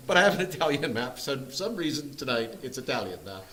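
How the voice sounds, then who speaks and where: A man's voice: mid-range voice, very animated, quick pace, hardly any pauses, fairly bright tone, rough recording. A man leading a Bible study group, teaching from a map in a playful, joking way. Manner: jokey and playful, often laughing. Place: church meeting room.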